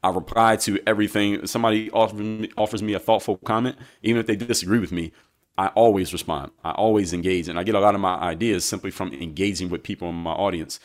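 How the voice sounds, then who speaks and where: A man, a guest and basketball coach, telling his story in a measured, reflective way during a conversational interview. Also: low voice, fairly even intonation.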